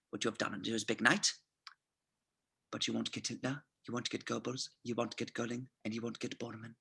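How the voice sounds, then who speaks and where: A script reader voicing a cunning, smooth-talking male SS colonel in a theatrical, mock-polite way, swinging between hushed and loud. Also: mid-range voice, exaggerated voice. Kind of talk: amateur script reading.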